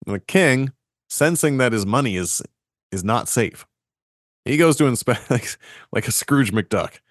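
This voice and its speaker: A man's voice: medium pitch, animated, unhurried, dry recording, clean studio sound. A man, co-hosting a podcast, casually retelling a story and laughing often between jokes. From Boston area. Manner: laughs often, loose and joking. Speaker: podcast co-host.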